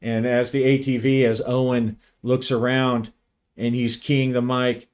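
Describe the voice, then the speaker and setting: A man's voice: medium pitch, steady tone, moderate pace, a little mellow. A man narrating a solo tabletop role-playing session, thinking aloud with frequent restarts. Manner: thoughtful, hesitant, frequent restarts. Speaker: solo game player and narrator.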